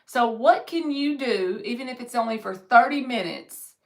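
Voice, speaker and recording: A woman's voice: a little high, lively intonation, normal speed. A woman giving a live-streamed tarot reading, reading viewers' comments aloud and answering them in an upbeat, encouraging way. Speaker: tarot reader.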